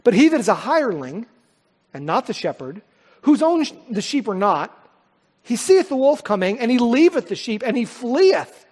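High-voiced preacher in an echoing hall. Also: male voice, big pitch swings, darkish tone, breathy edge. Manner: earnest, dynamic preaching with dramatic pauses and swells. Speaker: pastor. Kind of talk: sermon.

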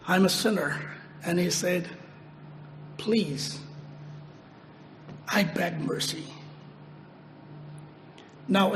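A man delivers a sermon in a high voice, taking his time over each phrase. He repeats his points for emphasis and pushes his voice up when he quotes a prayer. The hall gives a long echo, with faint room noise behind him. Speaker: preacher.

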